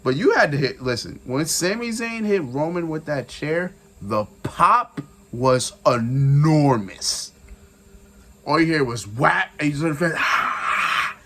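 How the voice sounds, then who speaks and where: A man giving a casual, excitable recap of a wrestling event, repeating phrases for emphasis and laughing often. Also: fairly high pitch, unhurried. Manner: excitable, retells with shouted quotes and sound effects. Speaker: wrestling reviewer.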